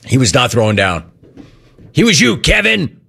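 A man's voice: medium pitch, moderate pace, creaky, breathy edge. A man hosting a call-in talk show, telling stories in a casual, slangy way. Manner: animated storytelling, slangy. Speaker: radio show host. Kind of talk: casual sports talk radio.

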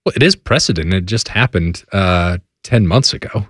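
A man's voice: sits low, expressive, moderate pace, fairly bright tone, no echo. A man co-hosting sports radio from a studio, teasing his colleagues with a dry wit. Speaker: radio show co-host. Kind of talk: casual sports radio banter.

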